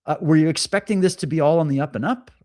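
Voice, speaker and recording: A man's voice: fairly high pitch, fast talker, darkish tone. A man hosting a live stream, giving casual commentary with sarcastic, mocking asides. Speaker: livestream host.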